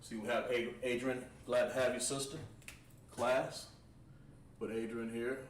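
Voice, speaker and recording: A man teaching a livestreamed Hebrew language class, slowly drilling words with lots of repetition. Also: medium pitch, flat delivery. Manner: slow, repetitive, drawn-out pronunciation drills. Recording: roomy echo, distant mic, faint background noise.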